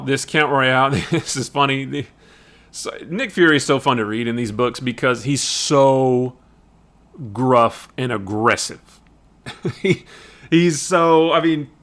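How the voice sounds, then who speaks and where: Man, comic review livestream host, rambling, animated, casual chat. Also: mid-range voice. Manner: rambling, animated, lots of fillers and restarts. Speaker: comic book streamer.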